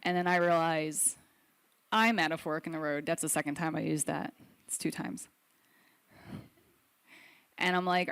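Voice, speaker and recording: A woman's voice: on the low side, measured pace, pauses often, clear, resonant tone. A young adult woman telling a personal story on stage at a live storytelling event, candid and wry, with self-deprecating humor.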